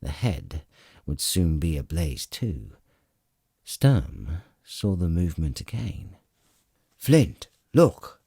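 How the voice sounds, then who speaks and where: Deep, husky male audiobook narrator. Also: slow, dry recording, clean studio sound. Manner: dramatic, expressive storytelling. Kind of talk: scripted fantasy narration.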